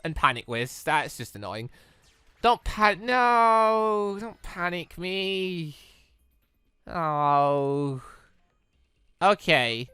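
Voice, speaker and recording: Animated, swearing gaming commentator. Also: male voice, fairly high pitch, very slow, pauses often, smooth, dry recording. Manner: exasperated, swears often, talks to the game. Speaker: gaming YouTuber. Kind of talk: let's-play commentary.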